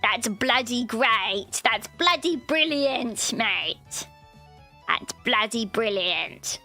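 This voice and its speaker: Girl putting on a loud sweary orc bloke, fake british accent slipping bogan, high voice, music faint behind. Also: lively intonation, extremely slow, exaggerated voice. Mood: hearty. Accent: put-on British, slipping into Australian bogan. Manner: shouting, swearing, blokey slang. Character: rowdy boisterous male orc lad, British-style.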